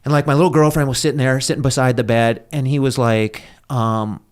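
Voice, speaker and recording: A man's voice: mid-range voice, steady tone, fairly quick, clean tone. A man talking as a podcast guest in a casual, rambling storytelling manner, full of fillers and restarts, often laughing at himself. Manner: laughs at his own story. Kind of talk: conversational storytelling.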